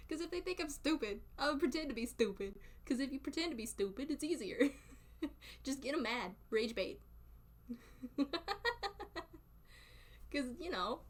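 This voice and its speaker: A young woman with a Southern US accent chatting casually on a live stream, rambling and laughing often. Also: a little high. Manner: giggly, rambling, frequent laughter. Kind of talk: casual chat.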